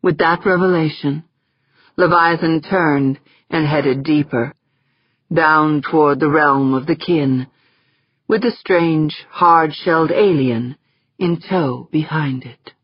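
A woman narrating a science-fiction audiobook in a measured, steady storytelling manner. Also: low-pitched, breathy edge, dry recording. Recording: slightly dull, dry audiobook recording.

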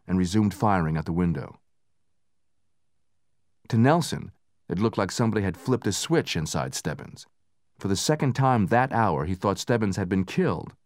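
A man narrating a book in steady, measured scripted narration, raising his voice for the soldiers' lines. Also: lowish voice, no echo, clean studio sound. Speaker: audiobook narrator.

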